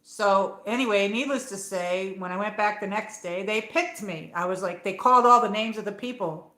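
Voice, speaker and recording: A woman's voice: medium pitch, moderate pace, sharp tone. Upstate ny lady rambling on her phone livestream, lots of ums, kinda echoey room. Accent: upstate New York. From upstate New York. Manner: rambling storytelling, frequent fillers and swearing. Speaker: livestream host. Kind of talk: casual chat. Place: home, late at night.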